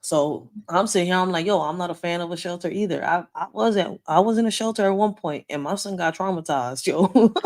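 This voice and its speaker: A woman, casually telling a story with slang and swearing. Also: mid-range voice. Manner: animated, swearing, street slang. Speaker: host.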